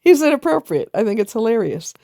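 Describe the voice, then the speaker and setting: A woman's voice: fairly high pitch, very animated, brisk, gravelly, mellow, dry recording, clean studio sound. A woman vlogger giving blunt, preachy casual commentary, firing off rhetorical questions and answering them herself.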